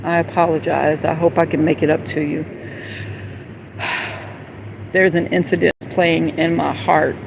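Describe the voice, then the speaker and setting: A woman in an emotional, rambling live-stream monologue, heated and confrontational at times, then soft and apologetic. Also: deep voice, level tone, unhurried, gravelly, pauses often, background noise. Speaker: livestreamer.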